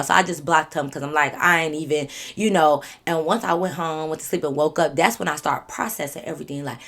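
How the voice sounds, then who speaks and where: Animated young woman telling a storytime. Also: low voice. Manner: animated, swings into loud acted-out quotes, swears freely. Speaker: storytime vlogger. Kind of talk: casual storytelling to viewers.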